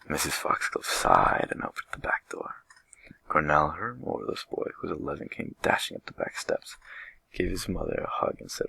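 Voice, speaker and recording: A man reads a children's chapter book aloud, gentle and unhurried. His voice is very low with a gravelly, husky texture yet a bright edge, recorded close and dry. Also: big pitch swings, no echo, low-quality recording. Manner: gentle, unhurried reading with light voices for characters. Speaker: storyteller.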